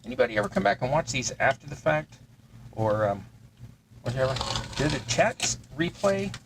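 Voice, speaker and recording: A man's voice: fairly high pitch, big pitch swings, moderate pace, creaky, background noise. A man hosting a crafting livestream, casually narrating each step of his work as he thinks aloud at his workbench. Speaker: host of a terrain-crafting livestream.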